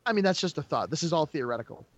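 A man's voice: fairly high pitch, expressive, very fast, no room sound. A man playing in a tabletop role-play, thinking out his plans aloud with many hesitant fillers. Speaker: player.

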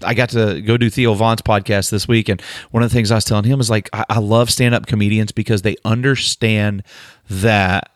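A man with a low voice hosts a podcast, speaking his mind candidly and swearing casually as he goes. The recording is dry and close. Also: steady tone, fairly quick, no room sound. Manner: opinionated, candid, swears casually, restarts often. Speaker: podcast host.

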